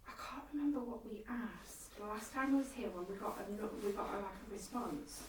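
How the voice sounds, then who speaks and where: A woman's voice: mid-range voice, fairly quick, a little mellow. A woman chatting casually and coaxingly calling out to spirits while ghost hunting. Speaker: paranormal investigator. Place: abandoned farmhouse indoors. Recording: echoey room from far off, faint hiss.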